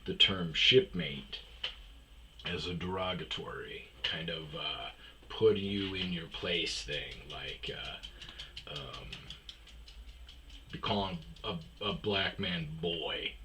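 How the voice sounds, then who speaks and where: Deep-voiced rambling man vlogger. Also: slow pace, noisy background. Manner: rambling, profane, jokey. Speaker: vlog host. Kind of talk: casual storytelling.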